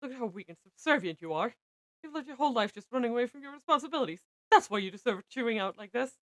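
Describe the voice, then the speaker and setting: A woman's voice: a little high, lively intonation, fast, a bit bright, no echo, studio quality, voice pushed up. A woman voicing a stern, condescending older woman secretary in a visual novel, who belts out harsh, scolding demands. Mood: furious.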